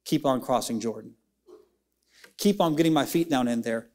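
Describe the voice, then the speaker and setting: A young adult man preaching a sermon in a church, rising and falling dramatically, stretching words out for emphasis. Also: darkish tone. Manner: preaching with big swings of pitch, dramatic slowdowns. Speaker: pastor. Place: church sanctuary.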